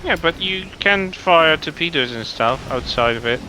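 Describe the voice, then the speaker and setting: A man's voice: a little high, expressive, moderate pace, sharp tone, a little hiss or hum, poor audio. A man chatting casually while gaming, grumbling and restarting his words. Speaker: co-host gaming on stream.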